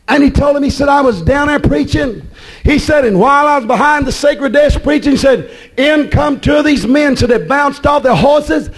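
Fiery high-voiced preacher man. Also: rough recording. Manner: shouting, preaching cadence. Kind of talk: fiery sermon.

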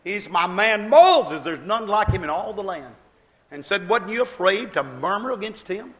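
A male preacher delivers a sermon in folksy, plain-spoken dialect. His voice sits high and bright, and he acts out the scripture voices, dropping low and then rising loud as he quotes God. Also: big pitch swings, normal speed.

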